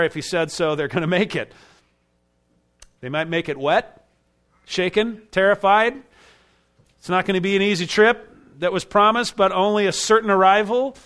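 A man's voice: high-pitched, a bit bright. A man preaching an expository sermon with emphatic rising bursts. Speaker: pastor.

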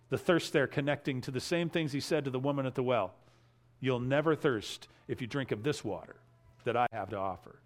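A man preaching a sermon, working through scripture verse by verse and rising in emphasis on key phrases. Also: medium pitch. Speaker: pastor.

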